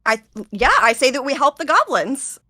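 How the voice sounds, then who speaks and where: A woman's voice: sits high, animated, normal speed, pushed and bright. A woman playing a tabletop game, laid-back and wry. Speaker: player.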